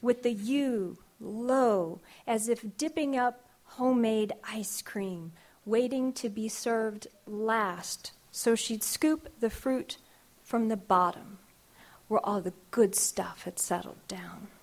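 A woman poet, reading her poems aloud live in a wry, unhurried way. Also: a little high. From Kentucky. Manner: wry, unhurried, drawn-out vowels in the verse.

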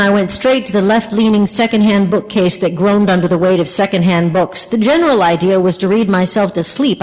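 A woman author reading from her memoir to an audience, wry and expressive. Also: mid-range voice, in a large hall, low-quality recording. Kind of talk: literary reading.

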